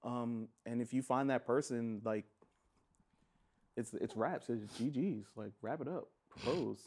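A man co-hosting a casual podcast chat, blunt and joking, getting loud when riled up. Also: mid-range voice, measured pace, slightly rough. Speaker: podcast co-host.

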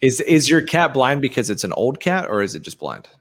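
A man's voice: medium pitch, a little fast. A man from England chatting casually as a guest musician, joking and swearing while he tells stories. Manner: animated, swearing, jokey storytelling. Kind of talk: casual podcast chat.

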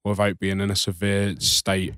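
A man's voice: fairly low pitch, monotone, normal speed, fairly bright tone, clear, resonant tone, no room sound. A man co-hosting a podcast, casual chat with dry teasing remarks. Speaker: podcast co-host.

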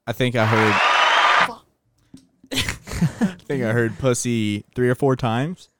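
Young guy, smooth mid voice, cracking jokes, dry close mic. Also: medium pitch, slow, a bit bright. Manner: wisecracking, teasing. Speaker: podcast co-host. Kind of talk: casual chat.

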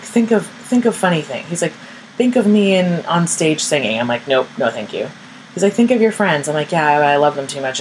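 A young woman with a low voice tells a personal story as a podcast host. She is candid and self-mocking, swears freely and acts out the people she quotes. A faint hum of air conditioning sits behind her. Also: low-quality recording.

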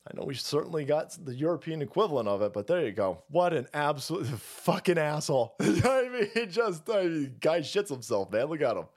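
A man hosting a livestream, delivering a profane, rambling rant in fast bursts of casual commentary. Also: fairly high pitch, sing-song. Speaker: streamer host.

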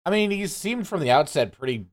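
Lively-voiced man with sarcastic asides. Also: on the high side, a little fast. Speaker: podcast co-host. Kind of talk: casual podcast chat.

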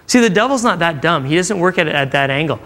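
Chatty youth pastor with a higher voice. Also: male voice, animated, quick pace, sharp tone. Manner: conversational, acting out quotes, asks the crowd questions. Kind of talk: sermon to a live audience. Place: church room with audience.

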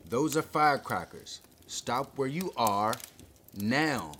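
A man reading aloud, voicing an authoritative male police chief inspector who shouts orders to a panicking crowd. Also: mid-range voice, animated, takes it slowly, a little hiss or hum, pitched above the performer's own voice. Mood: commanding shouts.

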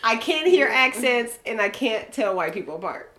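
A young woman co-hosting a podcast in casual chat, animated and often laughing as she rants. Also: on the high side, moderate pace, slight background noise. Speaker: podcast co-host.

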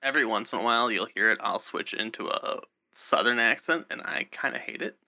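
A man guesting on a podcast, telling stories in an animated way during a casual chat. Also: a little fast, creaky. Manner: animated storyteller, swings pitch for effect.

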